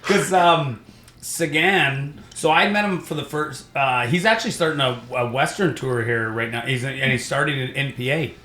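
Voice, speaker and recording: Bright-voiced comedian, rambling. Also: male voice, medium pitch, echoey room. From Saskatchewan, Canada. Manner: rambling storytelling, does quick voices. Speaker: stand-up comedian guest. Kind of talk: casual podcast chat.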